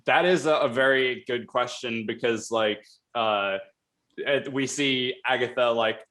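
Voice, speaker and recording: Man, show host, casual review chat, rambling, lots of fillers, mid pitch. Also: a bit bright. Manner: quick, rambling, heavy on fillers and restarts.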